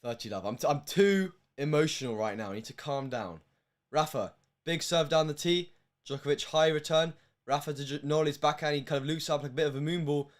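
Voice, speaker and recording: A young man from the United Kingdom commentating a match on a live stream, emotional, with hushed stretches and loud bursts. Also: a little high, fairly quick.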